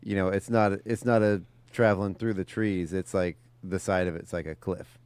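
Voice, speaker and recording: A man co-hosts a morning radio show and tells stories at an easygoing, unhurried pace. His voice sits very low and sounds smooth and resonant. The studio microphone picks it up dry and close. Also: fairly even intonation, darkish tone, no echo. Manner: easygoing, unhurried anecdote telling. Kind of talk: casual on-air chat and storytelling.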